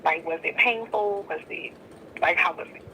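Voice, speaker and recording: A woman from New Orleans calling in with a hesitant, halting question. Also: fairly low pitch, vocal fry, sharp tone, breathy edge, poor audio. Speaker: caller. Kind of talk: phone-in question.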